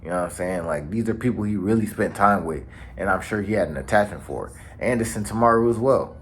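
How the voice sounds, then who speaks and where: A man hosting a casual recap in an animated, slangy storytelling manner. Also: fairly low pitch, brisk, slight background noise. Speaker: anime channel host. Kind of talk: casual manga chapter recap.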